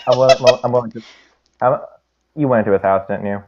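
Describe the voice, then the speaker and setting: A man playing a tabletop game, excitable, often restarting his sentences. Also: mid-range voice, fast talker. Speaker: player. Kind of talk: casual tabletop play. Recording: phone-like thin audio.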